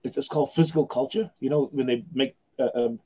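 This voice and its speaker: Mellow, husky man. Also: mid-range voice, fast, highs cut off. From South Africa. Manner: rambling anecdotal storyteller, many restarts. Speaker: magician guest. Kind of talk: casual podcast chat.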